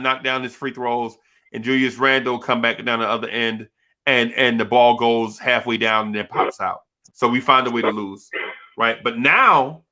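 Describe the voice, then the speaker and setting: A man from Jersey City hosting a casual sports podcast, animated and slangy, piling up quick restarts as he talks. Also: on the high side. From Jersey City, New Jersey. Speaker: podcast host.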